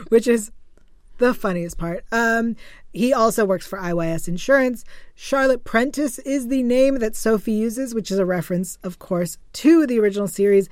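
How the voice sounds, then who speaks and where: A woman's voice: a little high, normal speed, a little mellow, dry recording, clean studio sound. A woman co-hosting an after-show podcast, recapping an episode in a casual, chatty way with frequent fillers and small laughs. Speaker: podcast co-host.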